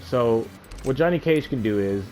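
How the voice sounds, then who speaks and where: A man's voice: mid-range voice, expressive, moderate pace, darkish tone, faint music behind. A man giving a casual gameplay tutorial as a fighting game player, explaining loosely and often checking in with the listener.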